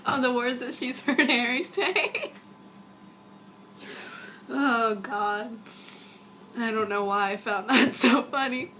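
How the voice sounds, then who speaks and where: A young woman vlogger rambling through a casual fan review, gushing and giggly, a little sick and husky. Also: fairly high pitch, a bit bright, a little hiss or hum.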